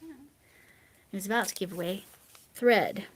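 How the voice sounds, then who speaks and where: An American woman hosts a live stream in a casual, chatty way, picking up viewer comments as she goes. Her talk wanders and often sinks into soft, half-mumbled asides. She speaks at an average pitch for a woman. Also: animated, slow, breathy edge. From United States. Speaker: livestream host.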